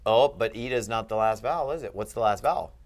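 A man's voice: on the low side, quick pace. A man tutoring a student in Greek grammar, patient and asking leading questions. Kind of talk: one-on-one grammar lesson.

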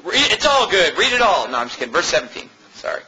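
An American pastor preaching a sermon in an animated, mocking way, laughing often. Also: male voice, sits high, fast, slightly rough, rough recording.

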